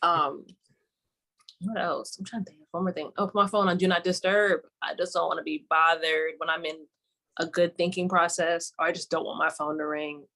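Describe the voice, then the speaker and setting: A woman's voice: on the low side, fairly even intonation, normal speed, sharp tone. A woman co-hosting a casual podcast chat, telling laid-back stories about her routines. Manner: chatty, storytelling, laid-back. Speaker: podcast co-host.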